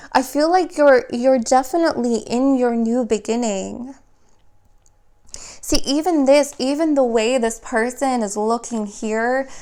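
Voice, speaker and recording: Young woman, fairly high voice, tarot reader; talks fast, restarts and loops phrases. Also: darkish tone, clear, resonant tone. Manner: flowing, rapid, repeats and restarts phrases. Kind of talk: spiritual tarot reading.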